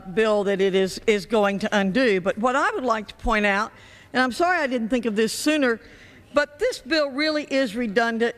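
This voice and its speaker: A congresswoman making a pointed, polite objection on the floor of a large legislative chamber. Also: a little high. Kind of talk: floor debate speech. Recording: long reverb of a large chamber.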